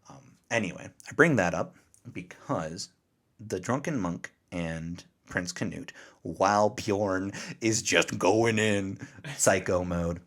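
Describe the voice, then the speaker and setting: A man with a very low, deep voice chats casually as a podcast co-host. He retells scenes by slipping in short voiced quotes from the characters, loose and conversational. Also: slow. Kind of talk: casual chat recapping an anime.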